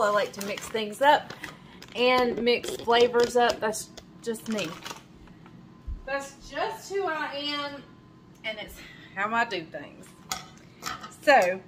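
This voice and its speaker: A woman's voice: fairly high pitch, fairly bright tone, a little hiss or hum. A woman hosting her own cooking show from her home kitchen, chatting casually as she cooks, with plenty of fillers and self-corrections. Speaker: cooking channel host.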